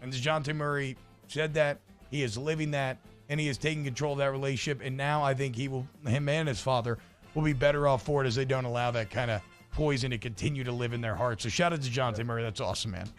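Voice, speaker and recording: A man's voice: medium pitch, fairly even intonation, quick pace, soft background music. A man hosting a morning sports radio show in a studio, talkative and upbeat with fillers and restarts.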